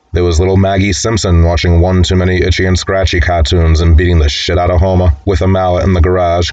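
Low-voiced man, scripted podcast host read, distant and muffled. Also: a little mellow. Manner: brisk, read-from-script delivery. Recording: dull distant sound.

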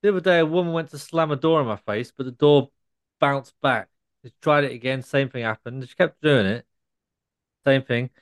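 A man as a cheesy male car salesman, smooth voice, corny punchlines, dry close sound. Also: mid-range voice, normal speed, dry recording, lightly acted. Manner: corny punchline delivery, stammering gag voice.

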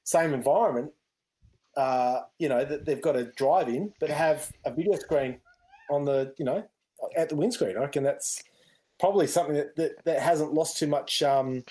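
An Australian man co-hosts a casual gaming podcast. He talks in an easygoing, rambling way, thinking aloud about games. He is quick to agree with his co-host. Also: fairly high pitch, warm tone. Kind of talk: casual chat.

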